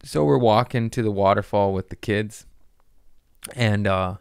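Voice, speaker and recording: A man hosting a podcast, telling rambling, profane, animated comic stories in casual chat. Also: fairly low pitch, a little slow, creaky, clean tone, no echo, studio quality. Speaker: podcast host. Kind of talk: casual comedic storytelling.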